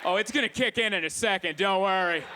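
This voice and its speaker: A male stand-up comedian with a playful, lively delivery. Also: sits high, fast, crowd noise, noisy background. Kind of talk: stand-up set.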